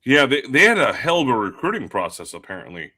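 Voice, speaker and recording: A man's voice: mid-range voice, wildly swooping pitch, quick pace, bright, forceful tone. A man telling a story on a panel in casual chat, crude and sarcastic.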